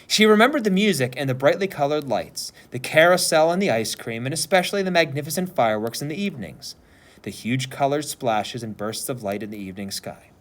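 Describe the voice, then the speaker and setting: Brief: teacher narrating a chapter book, animated, lively intonation. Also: male voice, medium pitch, fairly quick. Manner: expressive, animated storytelling. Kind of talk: reading a novel aloud.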